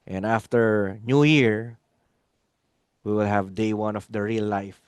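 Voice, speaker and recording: A man's voice: on the low side, fairly even intonation, slow pace, clear, resonant tone, no room sound, clean studio sound. A man hosting a live video-call webinar, speaking emphatically, repeating key lines and asking viewers to type their replies. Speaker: webinar host. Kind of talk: live webinar talk to an online audience.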